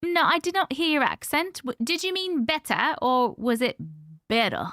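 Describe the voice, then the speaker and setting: A woman's voice: high-pitched, very animated, moderate pace, fairly bright tone, no room sound, clean studio sound. A woman hosting a livestream, chatting casually with viewers, greeting them by name and laughing often. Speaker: livestream host.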